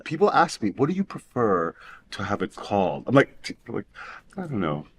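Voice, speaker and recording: A man's voice: fairly low pitch, wildly swooping pitch, normal speed, a bit bright, a little hiss or hum. A man in his fifties, a guest in casual chat, giggly and campy as he talks. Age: 50s.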